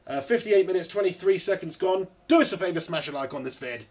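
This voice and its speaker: A man's voice: high-pitched, expressive, quick pace, hardly any pauses. A man hosting a casual football watch-along stream, joking around and reading viewer comments aloud. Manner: jokey, laddish, reads viewer comments aloud. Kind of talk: casual live match commentary and banter.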